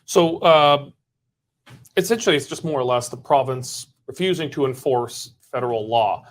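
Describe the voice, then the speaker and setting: Male host, mid pitch, probing, presses with questions. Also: normal speed. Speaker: political talk show host. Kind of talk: casual political panel discussion.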